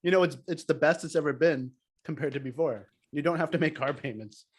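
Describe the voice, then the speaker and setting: A man's voice: a little high, slightly rough. A man in a casual podcast chat, blunt and swearing freely. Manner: blunt, swears, quick-fire. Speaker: podcast co-host.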